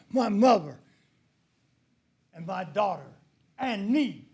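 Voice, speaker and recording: Older man at the podium, angry and emphatic, voice pitched high. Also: moderate pace. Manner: heated, accusatory, emphatic. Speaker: public commenter. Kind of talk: public comment at a county meeting. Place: county commissioners' court meeting room.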